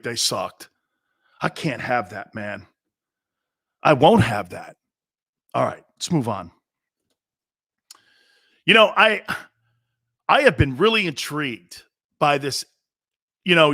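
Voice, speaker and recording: A fifty-something sports radio host pauses often in a measured delivery, his mid-range voice bright, forceful, and lively in intonation. The studio-quality audio has no room sound. He's giving an opinionated monologue, telling stories in a blunt, fired-up manner with lots of repetition and interrupting asides.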